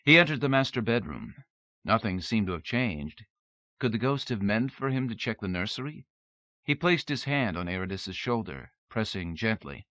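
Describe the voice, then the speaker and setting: Man, audiobook narrator, measured reading, forceful bright voice, dry close recording. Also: fairly low pitch, animated, no room sound. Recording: dull dry lo-fi tape recording.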